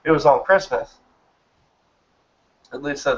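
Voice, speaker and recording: A man's voice: a little high, a little slow. A man in his thirties telling a personal story in an earnest, emotional way during a casual chat. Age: 30s. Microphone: online voice chat. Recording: muffled lo-fi voice chat audio.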